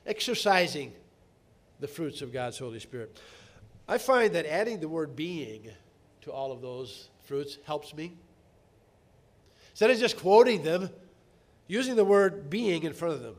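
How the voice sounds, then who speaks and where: A middle-aged man delivering a sermon in a somewhat high voice. He speaks earnestly, drawing out key words slowly and then swelling into emphatic, louder passages. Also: animated. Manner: earnest, rising to emphatic peaks, slowing to stress words. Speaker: preacher.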